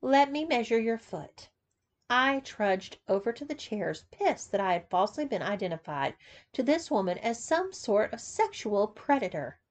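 A woman's voice: mid-range voice, very animated, moderate pace. A woman reading an erotic story aloud as narrator, telling it expressively.

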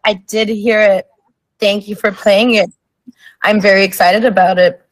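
A woman's voice: medium pitch, steady tone, normal speed, no echo. A young woman from Germany, a guest singer on a radio show, talking in a giggly, easygoing way full of fillers. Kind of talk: casual radio interview.

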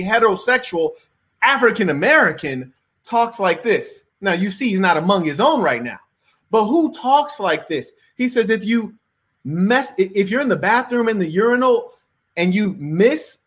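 A man's voice: high-pitched, a bit bright. A man giving reaction commentary in a preachy, moralizing way.

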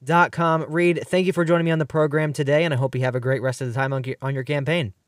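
A man's voice: fairly high pitch, fairly even intonation, no room sound. A teenage man hosting a political talk radio show, brash and mocking. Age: teens. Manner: brash, mocking, quick asides.

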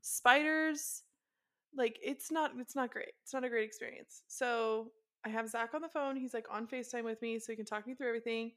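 A woman with a slightly higher than average voice tells a story in relaxed podcast chat. She is animated and acts out what others said, leaping in pitch as she quotes them. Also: brisk, hardly any pauses. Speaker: podcast co-host. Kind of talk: casual chat.

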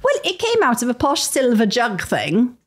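A woman's voice: a little high, huge pitch swings, moderate pace. Chatty Welsh woman telling stories. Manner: chatty, storytelling, laughs often. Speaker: guest, TV presenter. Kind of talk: casual chat.

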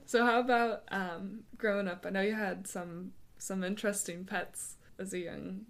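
A woman with a gravelly voice of middling pitch interviews in a relaxed way. She asks short questions and answers with brief encouraging reactions. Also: normal speed. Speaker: podcast interviewer. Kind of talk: casual chat.

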